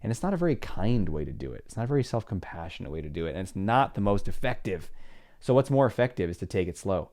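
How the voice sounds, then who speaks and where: A man's voice: low-pitched, very animated, quick pace, darkish tone. A middle-aged man hosting a solo advice podcast as a psychologist, talking animatedly and acting out little dialogues in different voices.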